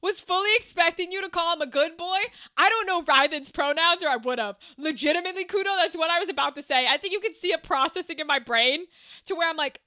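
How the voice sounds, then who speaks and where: High, bright-voiced woman streamer. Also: quick pace. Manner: chatty, swears freely, laughs often. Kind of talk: casual chat with a live stream audience.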